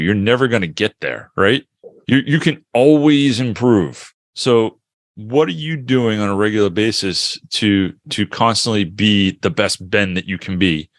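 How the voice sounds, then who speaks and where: Low-voiced podcast cohost guy, laid back, thinking out loud, dry close sound. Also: dry recording. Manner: casual, probing, thinks aloud. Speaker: podcast co-host. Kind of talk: interview questions.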